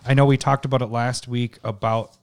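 A man's voice: medium pitch, flat delivery, a little fast, clean tone. A man co-hosting a casual podcast, chatting loosely with frequent laughs and offhand swearing. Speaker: podcast co-host. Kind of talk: casual chat. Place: podcast room.

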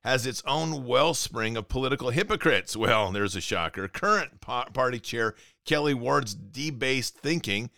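A man's voice: mid-range voice, animated, normal speed, gravelly, few pauses, sharp tone, no echo, clean studio sound. A man hosting a commentary show, ranting indignantly and sarcastically while reading news items aloud.

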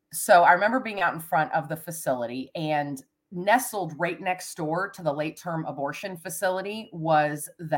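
Low-voiced woman telling lively stories. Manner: animated storyteller, acts out quotes in a high voice; laughs often, big vocabulary. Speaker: co-host. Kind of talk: casual podcast chat and storytelling.

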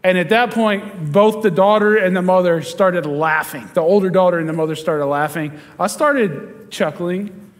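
Pastor, male, higher-pitched, animated storyteller in an echoing church. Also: normal speed. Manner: storytelling, animated, chuckles while telling stories. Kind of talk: sermon. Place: church sanctuary. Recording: church hall with long reverb.

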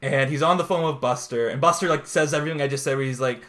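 A man's voice: medium pitch, steady tone, fast talker, few pauses, a bit bright. A man, co-hosting a podcast and rambling animatedly, full of "like", acting out the scenes he retells. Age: 20s. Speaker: podcast co-host. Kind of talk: casual chat.

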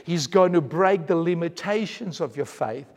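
A middle-aged man preaching a sermon, telling a story earnestly, with restarts and shifts between loud and quiet. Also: a little high, animated, normal speed, big-room sound. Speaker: pastor.

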